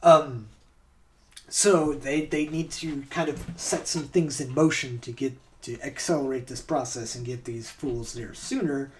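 A man's voice: medium pitch, steady tone, unhurried, recorded from a distance. Chatty man a bit off the mic. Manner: chatty, laughs often, many fillers and restarts. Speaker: podcast host. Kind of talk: casual podcast chat.

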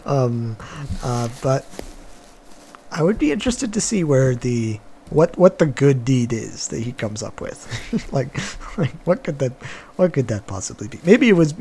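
A male podcast host talks through a cartoon plot in a relaxed, meandering chat, chuckling often as he goes. His voice sits at an ordinary middle pitch, with a faint hiss of background noise under it. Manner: loose, chuckling, wandering retelling. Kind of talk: casual podcast chat recapping a cartoon episode.

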